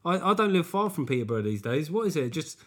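A man's voice: a little high, very animated, fast talker, a bit bright. A tired man hosting a podcast, casual and chatty, swearing and mocking himself. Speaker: podcast host. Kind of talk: casual chat.

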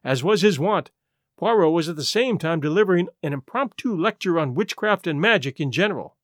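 Male audiobook narrator, high voice, very lively intonation. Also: a little fast, no echo, studio quality. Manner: expressive, animated reading. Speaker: audiobook reader. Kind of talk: scripted first-person narration.

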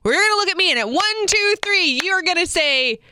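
A woman's voice: extremely high pitch, animated, a little fast, background noise, pitched above the performer's own voice. A woman voicing an overly serious, theatrical man who coaches a toddler to smile for a photo, counting in an exaggerated sing-song. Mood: coaxing.

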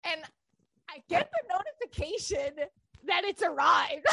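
A woman's voice: very high-pitched, sing-song, measured pace, gravelly, pushed and bright, no echo. A woman in her thirties telling candid personal stories in casual chat, swearing freely.

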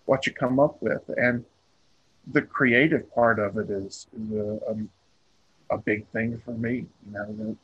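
A man's voice: fairly low pitch, fairly even intonation, unhurried, breathy edge, dry recording, lo-fi sound. A man, a comic book artist being interviewed, talking casually and rambling with many ums and restarts.

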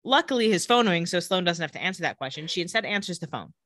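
Bright, lively woman podcast co-host. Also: on the low side, dry recording, clean studio sound. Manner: sarcastic asides while retelling scenes, quick laughs. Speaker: podcast co-host recapping an episode. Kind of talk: casual chat.

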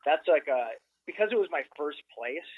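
A man from Minnesota tells a story in a casual podcast chat, his voice pitched a touch high. He talks animatedly and leans on "like" as he goes. The audio has a broadcast radio feel. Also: moderate pace, phone-quality sound, a little hiss or hum. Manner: animated storyteller, lots of "like" fillers. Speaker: guest filmmaker.

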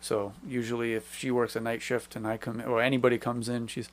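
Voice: medium pitch, little pitch movement, fast talker. Casual interviewer, curious and talkative, laughs easily. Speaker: podcast host.

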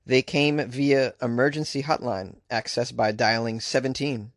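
A man's voice: mid-range voice, fairly even intonation, normal speed, dry recording, studio quality. A man hosting a podcast, giving comedic commentary on odd news with crude, sarcastic riffs and asides. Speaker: podcast host.

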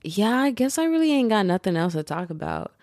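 A woman's voice: medium pitch, big pitch swings, a little fast, a little mellow, dry recording, studio quality. A young American woman hosting a solo podcast, rambling casually in slangy, chatty talk and laughing easily. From United States. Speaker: podcast host.

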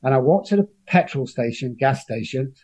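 A man's voice: mid-range voice, expressive, normal speed, darkish tone. A man, telling his own story as an interview guest in an earnest, emotional way. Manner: earnest, emotional, acts out quoted voices. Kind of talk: personal storytelling.

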